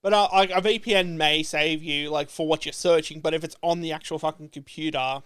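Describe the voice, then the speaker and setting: A man's voice: a little high, fairly even intonation, brisk, a bit bright, smooth, no room sound. Rambling, sweary young man. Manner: rambling, sweary, many fillers. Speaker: podcast co-host. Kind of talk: casual chat.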